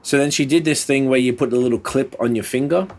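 A man in pain telling a rambling, sweary story in casual chat over a call, sounding a little flat. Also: mid-range voice, quick pace. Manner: laid-back, swears often, rambling. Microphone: video call.

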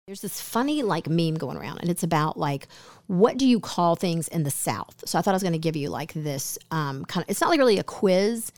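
A woman co-hosting a casual radio talk show, chatty and teasing as she runs a playful quiz. Her voice sits a little low and the sound is dry and close. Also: animated, brisk, darkish tone, dry recording. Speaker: radio co-host.

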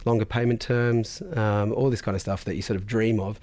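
A man's voice: on the low side, flat delivery, fairly quick, a little mellow. A man, a podcast guest, telling a long business story in a loose, chatty way, swearing freely and laughing often. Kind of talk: casual storytelling.

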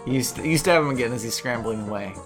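A man narrates a tabletop adventure as game master, easygoing and quick to laugh. His voice sits in a middle range. Faint guitar music plays underneath. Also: medium pitch. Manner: chatty, laughs often, easygoing.

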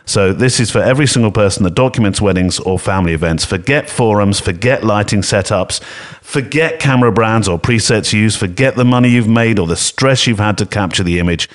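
A man co-hosting a podcast in an echoey home studio room, talking in a chatty, rambling way with a smooth, velvety voice and frequent laughter. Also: lowish voice, fairly quick. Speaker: podcast co-host. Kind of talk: casual podcast chat. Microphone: podcast mixing desk microphone.

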